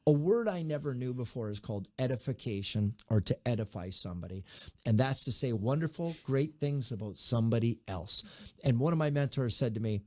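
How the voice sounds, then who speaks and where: Middle-aged male guest, mid-pitch, animated raconteur, dry studio sound. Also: fairly quick, no room sound. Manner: animated storyteller, acts out quoted voices. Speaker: mayor, interview guest. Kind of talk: conversational interview advice and storytelling.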